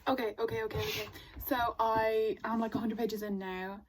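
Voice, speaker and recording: A woman chatting casually in a book vlog, excitable and gushing, with exasperated asides. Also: on the high side, normal speed, noisy background. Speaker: book vlogger.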